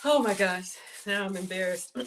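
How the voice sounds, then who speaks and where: A woman's voice: medium pitch, measured pace, a little hiss or hum. A woman with a Southern US accent, chatting casually with her viewers as a home cook livestreamer. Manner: chatty, addresses viewers as y'all.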